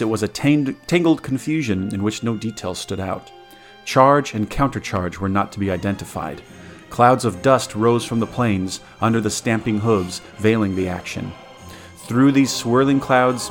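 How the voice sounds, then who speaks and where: A man narrating a story aloud as a podcast co-host, steady with occasional stumbles and restarts. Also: fairly low pitch.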